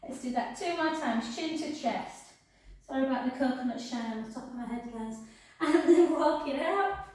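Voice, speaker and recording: A woman's voice: high voice, normal speed, a little mellow, far from the mic. A woman leading a workout class, counting out reps and giving cues in an encouraging way. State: out of breath at times. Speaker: fitness instructor. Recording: echoey room, voice from off the mic.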